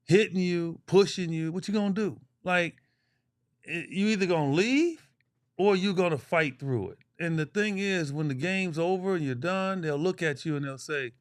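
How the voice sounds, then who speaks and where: A man in his sixties from Chicago, a former pro basketball player, co-hosting a casual podcast and telling animated stories full of slang and trash talk. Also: high-pitched, moderate pace, no room sound, clean studio sound.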